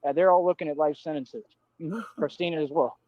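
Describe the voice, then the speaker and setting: A man with a slightly high voice rants defiantly into a livestream, looping back to the same points in loose street slang. The audio is dull and lo-fi, with a dry, close sound. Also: fairly even intonation, a little fast, no echo. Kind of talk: ranting livestream monologue.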